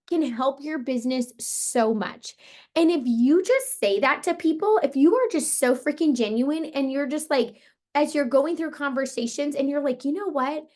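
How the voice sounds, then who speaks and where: A woman with a hoarse, partly lost voice, coaching her sales team on a motivational call in a casual, upbeat way, full of "like" and "you guys". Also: high voice, darkish tone. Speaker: team leader coaching sellers.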